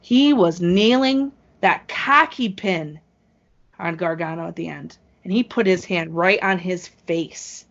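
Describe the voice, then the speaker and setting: A woman with a lowish voice speaks slowly while hosting a podcast, chatting casually and gushing with enthusiasm. The audio is muffled and lo-fi.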